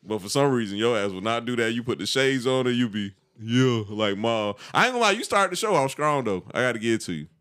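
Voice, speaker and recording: On a casual podcast, a young male co-host with a clear, resonant, medium-pitched voice talks fast with few pauses. His stories are energetic and full of slang, complete with acted-out quotes from others.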